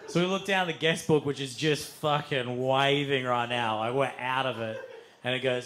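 A man telling a live comedic story on stage, swearing freely and acting out other people with sudden shouted outbursts. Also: medium pitch, fairly even intonation, normal speed. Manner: swears a lot, acts out voices with shouted outbursts. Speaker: stand-up storyteller. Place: live stage before an audience.

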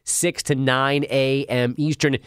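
A man hosts a podcast from a radio studio. His voice is smooth and clear, recorded close on a dry mic. He teases his co-hosts in a dry way. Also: medium pitch, fairly even intonation, slow pace, no echo. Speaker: podcast host. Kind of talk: casual studio banter.

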